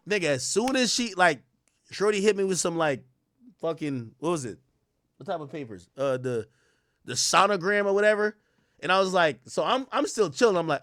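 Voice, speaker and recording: A man's voice: a little high, moderate pace, no room sound, clean studio sound. A young adult man telling a long personal story in casual, profane streamer talk, acting out the voices of people he quotes. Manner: animated, swears a lot, acts out quoted voices.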